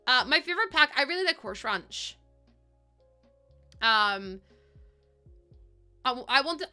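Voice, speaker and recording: A woman streamer chatting casually with her live chat, excitable and talkative, laughing often. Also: a little high, moderate pace, long pauses, faint music behind.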